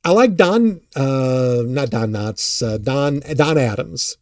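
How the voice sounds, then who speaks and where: A man casually answering chat on a live stream, rambling and halting, often self-deprecating. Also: medium pitch, animated, darkish tone, dry recording, clean studio sound.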